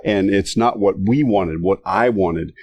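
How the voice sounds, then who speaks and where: A man co-hosting a faith podcast, agreeable and quick to affirm his partner. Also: low-pitched, darkish tone. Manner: agreeable, lots of affirming murmurs. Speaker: podcast co-host. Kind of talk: casual faith conversation.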